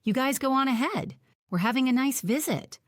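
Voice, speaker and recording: A woman voicing a gentle, chatty older grandmother in a wheelchair, read in an audiobook. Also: sits high, expressive, moderate pace, dry recording, studio quality, voice pushed up.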